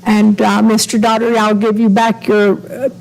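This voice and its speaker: A woman's voice: medium pitch, level tone, moderate pace, vocal fry, a little mellow, a little hiss or hum, rough recording. Polite, firm woman chairing a board meeting. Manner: polite but firm, keeps speakers to the agenda, hesitant with uhs.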